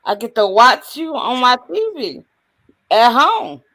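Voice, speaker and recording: Lively, high-voiced woman in chatty talk. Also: unhurried. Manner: animated, chatty, exclaims. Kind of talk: casual call-in chat.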